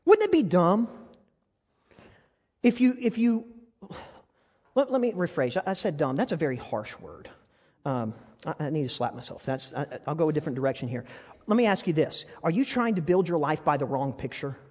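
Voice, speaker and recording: A man preaches from the pulpit, his voice pitched high and earnest as he presses the congregation with question after question. His delivery swells into fervent appeals. The sound rings with the long reverb of a large church hall. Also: expressive, moderate pace, long pauses, darkish tone. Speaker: pastor. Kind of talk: sermon.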